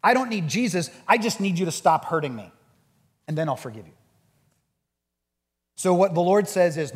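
A man preaching a sermon and leading a group discussion, acting out quoted voices in an animated way. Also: a little high, normal speed, long pauses, long reverb tail. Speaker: pastor.

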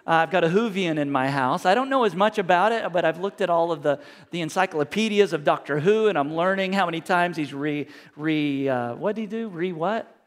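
A man in his forties with a fairly high voice delivers a sermon in a church sanctuary. He talks in a conversational, animated way and catches and corrects himself as he goes. His voice rings out with a long hall reverb behind it. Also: a little fast. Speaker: pastor.

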